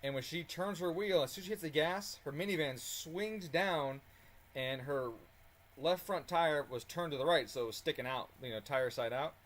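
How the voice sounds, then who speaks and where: A man telling a story in a casual, animated way while working on a car, swearing freely and chuckling as he talks. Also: fairly high pitch, moderate pace. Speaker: car tuning channel host.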